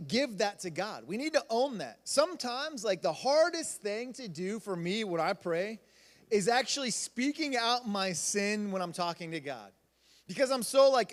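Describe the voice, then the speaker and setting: A youth pastor in his thirties, giving a casual, conversational sermon and acting out quotes in voices. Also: high voice. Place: church hall. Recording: long hall reverb.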